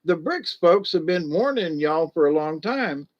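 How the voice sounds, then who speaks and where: A man's voice: fairly high pitch, expressive, unhurried, muffled recording. A man hosting a casual livestream, rambling in a loose, folksy way and greeting viewers by name. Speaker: livestream host.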